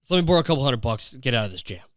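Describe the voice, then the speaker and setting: A man's voice: medium pitch, very animated, rapid-fire, a bit bright, dry recording, studio quality. A man playing a broke, sleazy gambling husband who pleads for money and turns insulting. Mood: wheedling. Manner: wheedling, rambling, switches to insults.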